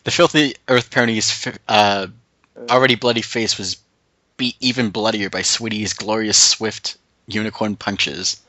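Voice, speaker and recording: Bright-voiced man reading fanfic on a call. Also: on the low side, steady tone, unhurried, no echo, rough recording. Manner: stumbles over words, breaks into laughter. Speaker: reader on a group call. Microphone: computer mic on a voice call.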